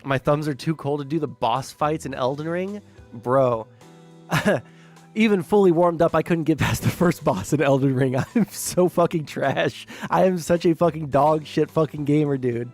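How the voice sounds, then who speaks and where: A man's voice: a little high, normal speed, faint music behind. Profane, fired-up male streamer. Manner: profane, heated ranting; self-mocking. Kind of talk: casual live-stream chat while gaming.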